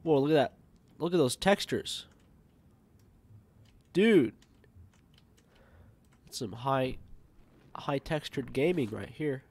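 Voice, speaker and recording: A man's voice: medium pitch, expressive, slow, pauses often, darkish tone. A man casually commenting on a survival video game as he plays, thinking aloud and rambling with fillers. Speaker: gamer. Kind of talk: let's play game commentary.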